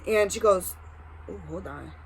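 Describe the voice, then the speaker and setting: Animated young woman telling a story. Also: mid-range voice, a little slow, a little hiss or hum. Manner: animated, acts out quotes, swears casually. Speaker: storytelling vlogger. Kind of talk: casual storytime.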